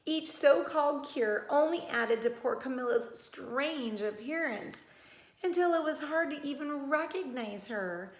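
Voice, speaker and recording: A woman's voice: sits high, lively intonation, unhurried, echoey room. A woman who teaches first grade, reading a picture book aloud expressively and stopping to explain words to children.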